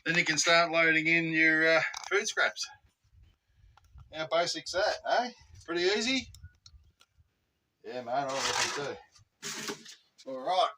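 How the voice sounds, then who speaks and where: A relaxed Australian man talks his way through a backyard job, easygoing and full of slang. His voice sits a touch higher than most men's. He is picked up from a few steps off the mic, with steady noise behind him. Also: takes it slowly, long pauses. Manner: laid-back, chatty, slangy. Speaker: channel host. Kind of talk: casual outdoor vlog. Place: outdoors at home garden. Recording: distant mic with clear background noise.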